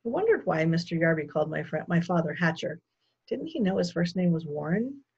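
Woman teacher reading aloud, low-pitched and husky, expressive delivery, dull lo-fi recording. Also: brisk. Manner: expressive storytelling. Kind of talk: reading a children's novel aloud.

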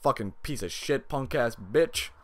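A man's voice: mid-range voice, lively intonation, measured pace. A young man doing let's play commentary over a fighting game, swearing a lot and breaking into frustrated outbursts. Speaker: gaming channel host.

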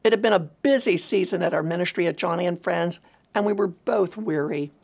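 A woman's voice: on the low side, brisk, vocal fry, darkish tone. A woman giving an earnest personal testimony, telling her story in a reflective way. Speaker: speaker at a women's ministry event.

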